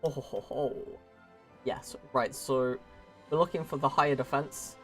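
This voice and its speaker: A man's voice: mid-range voice, fairly even intonation, unhurried, soft background music. A young man giving casual, jokey commentary while playing a strategy game, full of chatty self-mocking asides. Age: young adult.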